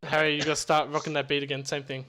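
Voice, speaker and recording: A man's voice: a little high, flat delivery, rapid-fire, sharp tone. A man co-hosting a casual comedy podcast, laughing, swearing and directing the others around. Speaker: podcast co-host.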